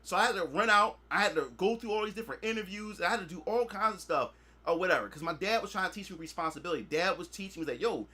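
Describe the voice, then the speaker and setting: A man's voice: high-pitched, expressive, fast, pushed and bright. A man hosting a podcast, talking in a blunt, profane, lecturing way and leaning on repeated filler phrases. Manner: emphatic, preachy lecturing. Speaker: podcast host. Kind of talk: casual podcast monologue.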